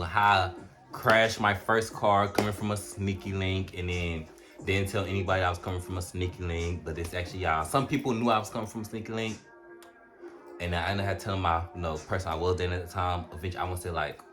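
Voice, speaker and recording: Young man, low voice, animated storytime vlog, music underneath. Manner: animated, chatty storytelling with lots of fillers. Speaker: vlogger.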